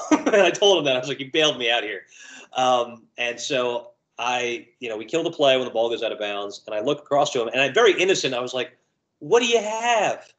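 A man's voice: mid-range voice, brisk, rough recording. Man telling a refereeing story. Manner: animated anecdote, acts out quoted voices. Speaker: lacrosse referee. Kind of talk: conversational storytelling.

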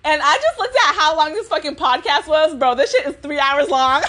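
High-pitched and sharp in tone, a young woman hosting a podcast speaks at normal speed through a ranting storytime monologue. It's profane, and she laughs throughout.

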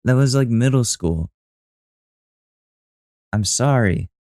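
A man's voice: mid-range voice, expressive, slow pace, darkish tone, no room sound, studio quality. A young man hosting a podcast, reacting to a video with mocking, profane, rambling commentary. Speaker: podcast host.

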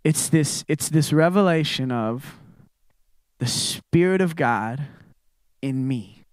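A young adult man preaching a sermon in a relaxed, conversational way, full of fillers and asides. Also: on the high side, takes it slowly, clean tone, dry recording. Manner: conversational storytelling with frequent fillers.

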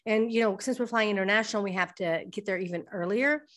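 A woman's voice: mid-range voice, quick pace, fairly bright tone. A middle-aged woman co-hosting a casual podcast, chatting loosely and sometimes talking while she eats. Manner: chatty, talks while eating, frequent restarts. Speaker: podcast co-host. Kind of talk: casual chat.

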